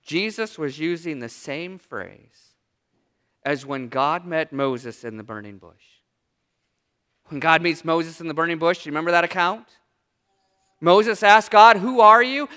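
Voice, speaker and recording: A man preaching a sermon as pastor, with dramatic pauses, dropping low and soft on quoted lines. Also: smooth, in a large hall.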